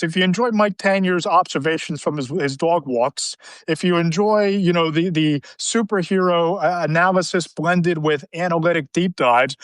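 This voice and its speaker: Male podcast host, high voice, brisk chatty delivery, dry close sound. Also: fairly bright tone, no room sound, low-quality recording. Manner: brisk, chatty, many restarts and fillers. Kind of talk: casual sports podcast chat.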